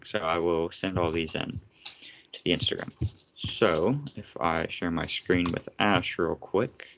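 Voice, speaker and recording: A young man hosts a casual podcast with a fairly low voice. He rants and vents with sarcasm and plenty of swearing. The recording sounds dull and lo-fi. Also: a bit bright, slight background noise. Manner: ranting, sarcastic, swears often. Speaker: podcast host.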